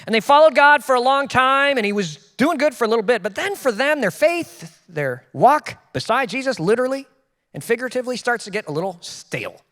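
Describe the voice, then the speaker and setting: High-voiced young male preacher. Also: very animated, brisk, a bit bright, big-room sound. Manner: casual, conversational preaching with acted-out quotes. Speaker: pastor. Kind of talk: sermon. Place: church hall.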